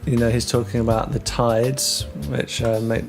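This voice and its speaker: A man teaching English vocabulary, talking through words with many ums and restarts and slowing down on the key terms. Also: mid-range voice, level tone, soft background music. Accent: British English. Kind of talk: explaining vocabulary to learners.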